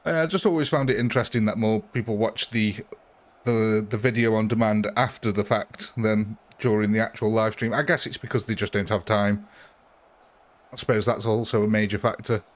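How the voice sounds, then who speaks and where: A man's voice: on the low side, steady tone, moderate pace. A man live-streaming a battle game, chatting casually with his viewers, thanking them by name and laughing often while he talks.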